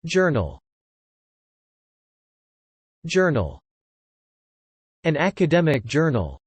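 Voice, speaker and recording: A narrator slowly reading an English word list for learners, saying each word twice and then a short example phrase in a deliberate way. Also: medium pitch, wildly swooping pitch, breathy edge, dry recording. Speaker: vocabulary narrator.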